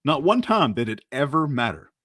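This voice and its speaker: Guy doing a livestream reaction, rambly, swings his pitch around a lot, dry close mic. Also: big pitch swings, moderate pace, pushed and bright, breathy edge, dry recording. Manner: rambling, laughing, repeats words. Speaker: show host reacting to clips. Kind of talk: casual commentary live stream.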